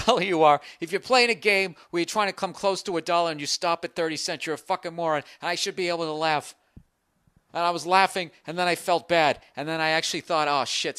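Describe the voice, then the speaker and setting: A man's voice: a little high, a bit bright, no echo, studio quality. A man hosting a podcast, telling a profane comedic story with mocking voices. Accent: Boston. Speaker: podcast host. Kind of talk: comedic monologue. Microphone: studio podcast mic.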